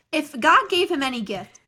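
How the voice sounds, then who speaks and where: A woman's voice: high voice, bright, forceful tone. A young woman co-hosting a podcast, recapping a film in a casual, playful storytelling way with wry asides. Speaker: podcast co-host.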